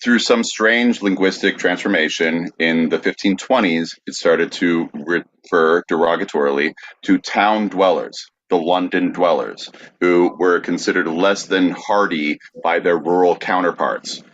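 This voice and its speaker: Deep-voiced man explaining on a podcast. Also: a bit bright, dull audio. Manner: measured, filler-heavy explaining. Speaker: podcast host. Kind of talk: casual chat, explaining from notes.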